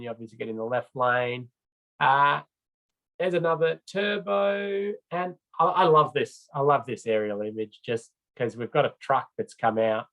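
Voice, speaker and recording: Chatty man presenting a training session. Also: medium pitch. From Australia. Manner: chatty, rambling, many fillers and restarts. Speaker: road safety trainer. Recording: slightly dull lo-fi recording.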